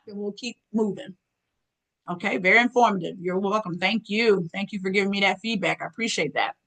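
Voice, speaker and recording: A woman presenter running a live online workshop, lively and folksy, often clearing her throat as she talks to her audience. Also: on the high side, rough recording. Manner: lively, folksy, calls audience girl and y'all.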